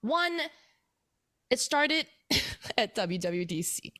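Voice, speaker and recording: A woman's voice: a little high, very animated, extremely slow, bright, forceful tone, a little hiss or hum. A woman hosting a casual tech podcast, chatty and rambling as she explains things. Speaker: podcast host.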